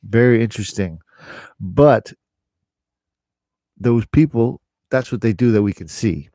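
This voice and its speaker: A man's voice: fairly low pitch, lively intonation, unhurried, warm tone, no room sound, clean studio sound. A middle-aged man, an English teacher, chatting casually to camera in a rambling way, with fillers and laughs.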